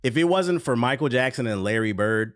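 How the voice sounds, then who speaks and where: A man's voice: medium pitch, lively intonation, brisk. Blunt, profane man chatting on stream. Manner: blunt, profane ranting with frequent laughs. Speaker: livestream host. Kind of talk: casual stream chat.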